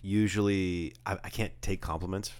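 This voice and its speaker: A man with a very low voice chats casually as a podcast co-host. He jokes and rambles through stories. He sounds like a young adult. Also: steady tone, moderate pace, darkish tone. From Southern California. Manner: joking, rambling storyteller. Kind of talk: casual chat.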